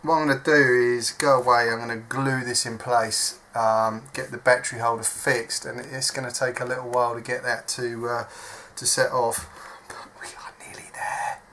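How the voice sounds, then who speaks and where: Level and sharp in tone, this medium-pitched man speaks at normal speed with hardly any pauses over slight background noise. At his indoor workbench, the hobby modder chats through a soldering job in a casual step-by-step way, mocking himself as he reasons out loud.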